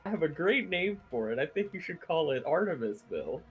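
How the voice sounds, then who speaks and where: A man playing a naive, boastful adventurer who rambles with halting restarts. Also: a little high, big pitch swings, narrow, tinny audio, loud music behind the voice, voice pushed up. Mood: eager. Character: boastful, pushy human adventurer, naive and eager.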